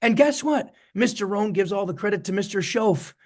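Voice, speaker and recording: High-voiced, energetic motivational man. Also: moderate pace. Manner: energetic, preachy, repeats phrases. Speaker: network marketing mentor. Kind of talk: motivational talk on a video call.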